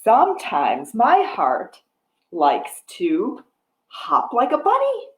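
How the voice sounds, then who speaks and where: A woman, a children's librarian, reading a picture book aloud at storytime, coaxing young children to join in with gentle encouragement. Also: on the high side, huge pitch swings, takes it slowly. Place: library room. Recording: roomy echo.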